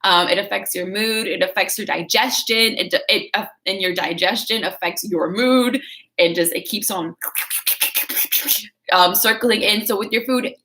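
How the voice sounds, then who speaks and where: A woman's voice: medium pitch, measured pace, pushed and bright. A woman giving casual motivational talk on a livestream, chatty and coaching, reading out viewer comments. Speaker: fitness creator.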